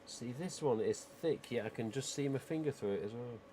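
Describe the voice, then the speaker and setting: A man's voice: medium pitch, fairly quick, warm tone, a little hiss or hum. A man hosting a livestream, chatting casually and rambling with lots of "you know" asides. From England. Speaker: livestream host.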